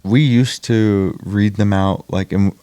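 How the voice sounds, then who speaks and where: A man's voice: on the low side, steady tone, takes it slowly, mellow, clean tone, dry recording. A young man chatting casually as a podcast guest about acting in indie films, rambling with lots of fillers and restarts. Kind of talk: casual chat.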